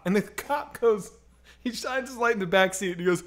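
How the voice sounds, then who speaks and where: A man on a comedy stream telling a wild story, animated and profane, acting out the voices in it. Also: sits high, a little fast. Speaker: comedy podcast host.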